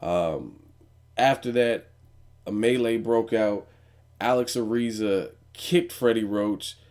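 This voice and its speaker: A man's voice: fairly low pitch, slow, a little mellow. A young man giving a blunt, profane, opinionated commentary as a vlogger host. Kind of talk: casual news commentary.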